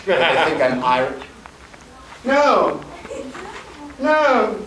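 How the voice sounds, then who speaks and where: The Chicago man's voice is on the high side and extremely slow as he teaches a lively voice-acting panel, showing off sounds, joking and answering questions from the crowd. It's captured from afar on a fan's camera in an echoey convention hall, with slight background noise.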